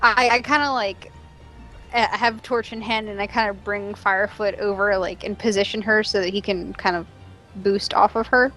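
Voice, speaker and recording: Bright-voiced woman playing a tabletop game. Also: medium pitch, steady tone, normal speed, soft background music, low-quality recording. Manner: casual, hesitant with fillers. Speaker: player.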